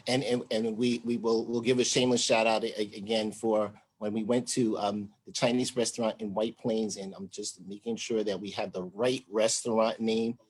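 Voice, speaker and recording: A man's voice: fairly low pitch, level tone, moderate pace, few pauses, husky. A man hosting a livestream discussion, talking in a chatty, rambling way with many fillers. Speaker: deputy county executive, host.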